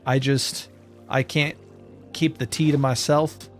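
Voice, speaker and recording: A man's voice: mid-range voice, little pitch movement, slow, faint music behind. A man streaming a game, chatting casually and joking with his viewers in a rambling way. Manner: rambling and joking, talking to chat.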